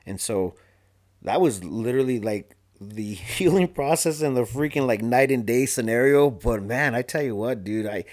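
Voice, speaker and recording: A man guest on a podcast telling a story in a casual, animated way, full of slang, fillers and restarts. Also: medium pitch, moderate pace. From Arizona.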